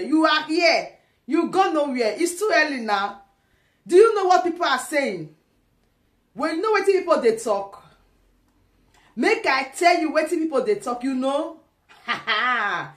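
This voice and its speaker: Teasing laughing Nigerian woman, echoey room. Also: high-pitched. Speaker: commentator. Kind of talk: casual pidgin commentary.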